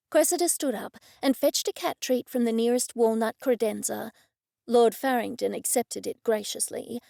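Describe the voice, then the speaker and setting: A woman narrating a cozy mystery audiobook in first person, wry and even. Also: on the high side, vocal fry, no room sound, clean studio sound.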